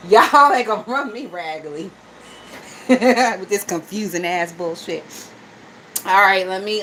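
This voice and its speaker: A woman's voice: medium pitch, fairly bright tone, slight background noise. A woman hosting a gossip livestream, talking casually and profanely with lots of laughter and mocking asides while reading viewer comments.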